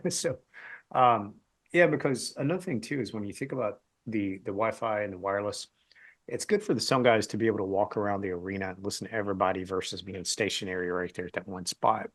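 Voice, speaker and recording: A man's voice: fairly low pitch, fairly quick. A middle-aged man hosting an interview, chatty, asking long rambling questions. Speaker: interview host. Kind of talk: casual interview talk.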